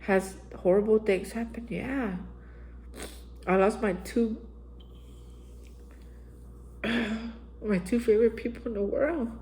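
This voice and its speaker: A woman's voice: on the high side, steady tone, takes it slowly, long pauses, warm tone, slight background noise, low-quality recording. A woman hosting a daily reflection channel, telling an earnest personal recovery story and acting out her own past lines. She is from Texas.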